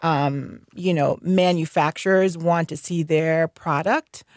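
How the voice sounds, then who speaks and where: Candid low-voiced woman contractor. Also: fairly even intonation, slow, a little mellow, dry recording, clean studio sound. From North Carolina. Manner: candid, chatty, laughs often, many fillers. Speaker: guest, licensed general contractor. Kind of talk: radio interview.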